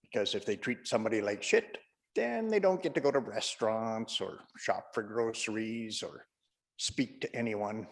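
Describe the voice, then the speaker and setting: A man's voice: fairly low pitch, animated, normal speed, gravelly, in a large hall. A man doing stand-up comedy, telling a long, rambling anecdote.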